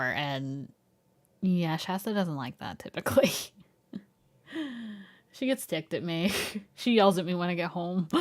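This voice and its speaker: A young woman streamer in casual livestream chat at home, laughing often and talking in a soft, coaxing way. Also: lowish voice. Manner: giggly, laughs often between sentences; soft, coaxing voice when calling her dog. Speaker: live streamer.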